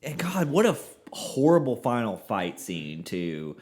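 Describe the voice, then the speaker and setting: A man's voice: mid-range voice, measured pace. Joking, swearing podcast co-host man. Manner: joking, animated, swears casually. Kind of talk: casual chat.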